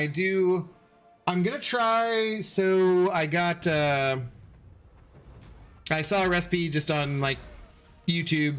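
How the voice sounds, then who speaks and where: A man's voice: a little high, fairly bright tone, clean tone. Casual man chatting on a game stream. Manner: rambling, reads chat aloud and answers viewers. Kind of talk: casual live-stream chat while gaming.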